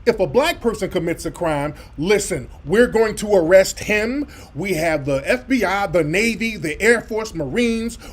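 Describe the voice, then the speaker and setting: A man hosts a talk-radio commentary show. His voice sits high, and he talks bluntly, with profanity and mockery. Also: animated, normal speed, hardly any pauses, breathy edge. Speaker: radio host. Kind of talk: commentary over played clips.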